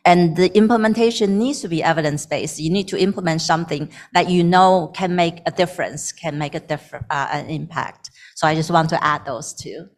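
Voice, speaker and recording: A woman with a low voice adds her points on a discussion panel. She talks in a measured, earnest way.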